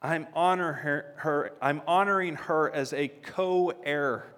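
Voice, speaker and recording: A man's voice: fairly high pitch, slow pace, a bit bright, in a large hall. A man, a father, preaching a sermon in an earnest, conversational way that builds to emphatic peaks. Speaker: pastor.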